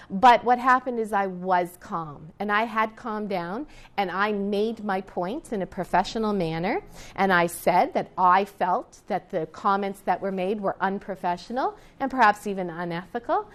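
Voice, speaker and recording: Woman, middle-aged, teacher, chatty classroom storytelling, restarts and asides, mid-pitched. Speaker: teacher and etiquette counselor. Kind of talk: classroom talk, storytelling to students.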